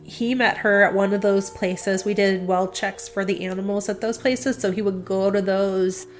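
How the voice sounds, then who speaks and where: A woman's voice: mid-range voice, fairly even intonation, moderate pace, soft background music. A middle-aged woman telling her story in a casual interview, chatty and rambling, often restarting her sentences. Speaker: veterinary clinic staff interviewee.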